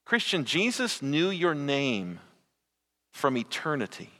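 A pastor preaching to his congregation, a bright, forceful man's voice that leaps high and drops low. He swings between loud, drawn-out phrases and hushed asides. The sound carries a long reverb from the hall. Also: huge pitch swings. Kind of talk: sermon.

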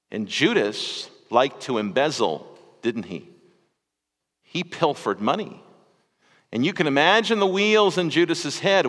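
A man's voice: on the high side, lively intonation, measured pace, a bit bright, long reverb tail. A man preaching a sermon to his congregation in a conversational style, with small restarts and asides. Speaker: pastor.

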